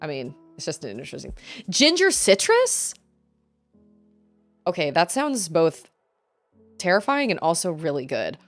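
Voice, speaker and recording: A woman's voice: low voice, sing-song, fairly quick, soft background music. A woman streaming a video game, chatting casually with her chat and laughing often. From Texas. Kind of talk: casual chat while gaming.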